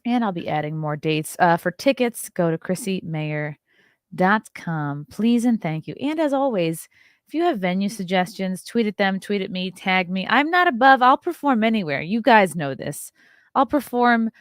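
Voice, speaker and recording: A woman hosting a podcast in a casual, joking chat with quick asides and self-mocking remarks. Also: medium pitch, lively intonation, no room sound, studio quality. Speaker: podcast host.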